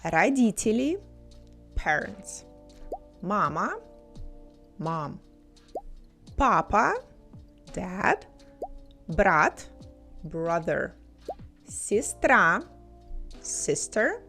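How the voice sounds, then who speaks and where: A woman with a Russian accent, a native Russian speaker, teaching a beginner language lesson with clear, deliberate pronunciation. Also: fairly low pitch, sing-song, a bit bright, faint music behind.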